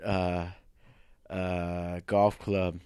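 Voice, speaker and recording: A man's voice: sits low, very slow, smooth, no room sound, studio quality. A man, a pro MMA fighter, telling stories in casual chat and acting out the voices of the people in them. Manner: animated, acts out voices in his stories, swears freely.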